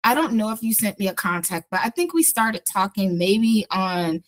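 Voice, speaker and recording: A woman's voice: mid-range voice, expressive, normal speed. A woman hosting a podcast interview, chatting casually, laughing often and acting out quoted conversations. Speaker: audiobook producer and podcast host.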